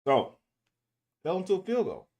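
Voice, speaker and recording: Animated man breaking down football film. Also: high-pitched, moderate pace. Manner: animated, exasperated coaching critique with swearing; addresses viewers directly as "y'all". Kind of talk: casual game-film commentary.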